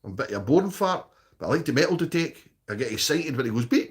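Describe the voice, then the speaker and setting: A Scottish man talking casually on a live stream, answering viewers' comments one after another. He speaks bluntly, swears freely and ends many of his sentences with "okay?". His voice sits at an ordinary middle pitch for a man. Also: animated, rapid-fire.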